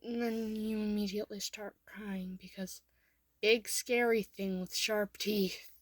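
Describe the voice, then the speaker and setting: Slow, half-whispering woman storyteller. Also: medium pitch, flat delivery, no echo. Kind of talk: second-person fan story reading.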